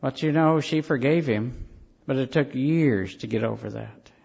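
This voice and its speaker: A man preaching a sermon, telling stories in slow, emphatic phrases. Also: medium pitch, creaky, a little mellow, breathy edge. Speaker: pastor. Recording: dull lo-fi recording.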